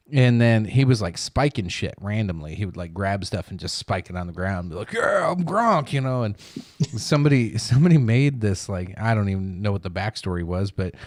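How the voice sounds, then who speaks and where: Low-voiced laid-back storytelling man. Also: darkish tone, no echo, studio quality. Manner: laid-back storytelling, swears freely, laughs often. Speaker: podcast co-host. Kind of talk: casual chat.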